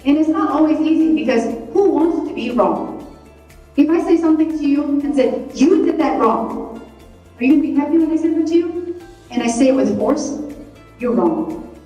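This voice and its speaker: A woman with a high voice delivers a motivational talk to a live crowd, animatedly performing the scolding voice inside her head. The audio is dull and brisk, very echoey, captured from far back in the hall with faint music underneath.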